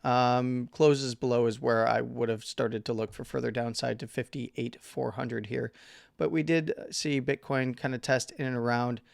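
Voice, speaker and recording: A man's voice: medium pitch, flat delivery, moderate pace, gravelly, no room sound, clean studio sound. A man hosting a crypto market chart talk, losing his voice, rambling with fillers and self-corrections. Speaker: crypto market analyst host. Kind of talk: casual chart analysis talk.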